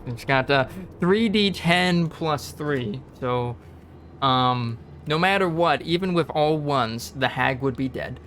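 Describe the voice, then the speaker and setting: A man running a tabletop game as dungeon master, narrating haltingly with many fillers and frequent laughs. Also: mid-range voice, lively intonation, fairly bright tone, a little hiss or hum.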